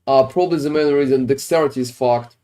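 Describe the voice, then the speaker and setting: A man's voice: medium pitch, fast, dark tone. A man streaming a game, chatting casually with viewers while reviewing their builds, with phrasing and frequent swearing. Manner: casual, swears often, non-native phrasing.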